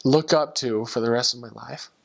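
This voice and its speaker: A man's voice: mid-range voice, moderate pace, gravelly, fairly bright tone. Earnest young man telling a testimony. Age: young adult. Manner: earnest, emotional, acts out quoted voices. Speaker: returned missionary. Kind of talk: personal testimony storytelling.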